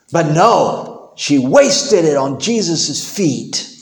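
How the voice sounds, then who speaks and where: A male pastor preaching a sermon in an animated way, acting out biblical characters in quoted voices. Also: a little high, very slow, roomy sound.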